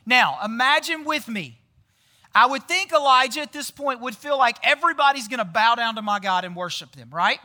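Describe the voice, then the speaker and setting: A man's voice: very high-pitched, animated, normal speed, bright, forceful tone. A man giving a casual sermon, chatty and often quizzing the audience with questions. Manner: chatty, often tags lines with "right?". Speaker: pastor.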